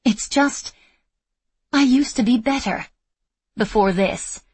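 A woman's voice: on the high side, takes it slowly, slightly rough, no echo, voice pushed up, exaggerated voice. A woman voicing a frustrated young female fighter who talks in an earnest, self-critical way. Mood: rueful.

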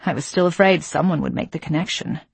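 A woman voicing a steely young woman who talks quietly and close to breaking. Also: deep voice, fast talker, vocal fry, husky, dry recording, full character voice. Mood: sorrowful. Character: steely young woman confessing her past.

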